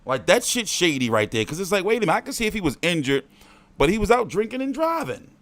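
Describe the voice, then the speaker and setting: A man's voice: very animated, fast talker, a bit bright, no room sound. A man hosting a boxing livestream, ranting in heated, profane bursts. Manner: profane, heated ranting with swings in pitch and volume. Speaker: boxing show host. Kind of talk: livestream rant.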